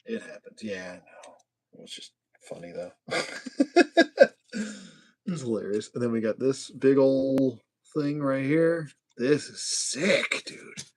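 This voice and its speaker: A man casually chatting and joking to himself as he builds toy figures on a livestream, sometimes dropping to a hushed whisper. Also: medium pitch, takes it slowly, pauses often. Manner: chatty, jokey, talks to himself while building. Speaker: toy collector host.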